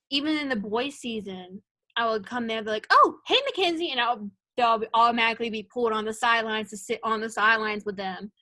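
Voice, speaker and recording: Young woman, animated storyteller. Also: a little high, no echo. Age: young adult. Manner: animated storytelling, acts out quoted lines. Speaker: guest, college soccer player. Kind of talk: casual interview chat.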